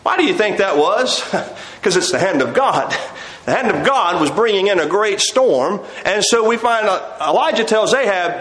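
A man's voice: sits high, lively intonation, moderate pace, a bit bright. A man preaching a sermon, telling the story with animation and acting out the quotes. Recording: echoey room.

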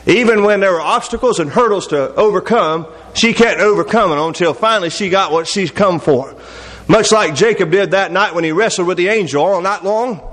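A man's voice: high-pitched, fairly quick, fairly bright tone. A man preaching a sermon in a folksy, conversational way, full of rhetorical questions. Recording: long reverb of a large hall.

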